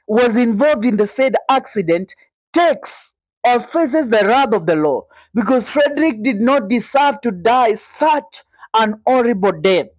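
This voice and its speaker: A woman's voice: sits high, a little mellow, dry recording. A woman with a Kenyan accent giving indignant, opinionated news commentary, asking rhetorical questions and slipping into Swahili.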